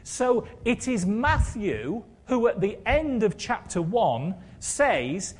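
Husky man preaching a lively sermon. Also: high-pitched, slow pace, hardly any pauses. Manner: conversational, wry humour, rhetorical questions.

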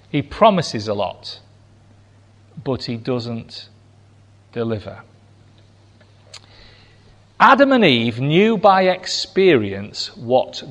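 A man preaching a sermon, slow and emphatic, acting out quoted lines with big swings in pitch. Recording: long hall reverb.

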